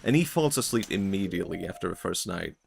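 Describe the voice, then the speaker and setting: A man's voice: low voice, expressive, fast talker, gravelly, a little hiss or hum. A man streaming, talking in a rambling, reflective way, full of filler words and frequent laughs. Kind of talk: casual stream chat.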